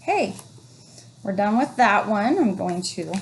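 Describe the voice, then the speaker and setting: A woman teacher leading a phonics lesson for young children, reading words slowly and encouragingly. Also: mid-range voice, sing-song, slight background noise. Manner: slow, encouraging, drawn-out reading.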